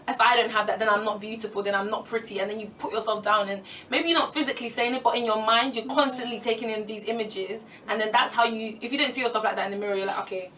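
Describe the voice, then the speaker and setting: A woman's voice: fairly high pitch, fairly even intonation, fast talker, few pauses, sharp tone. A woman on a Christian talk panel, talking in an earnest, encouraging way during casual chat. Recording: distant mic, faint room noise.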